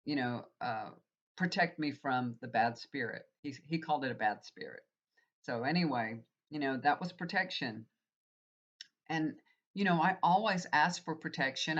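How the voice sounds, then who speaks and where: A woman's voice: low-pitched, a bit bright. Woman tarot reader rambling earnestly, lots of ums, kinda muffled lo-fi sound. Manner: rambling, earnest, many fillers. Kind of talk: casual spiritual monologue.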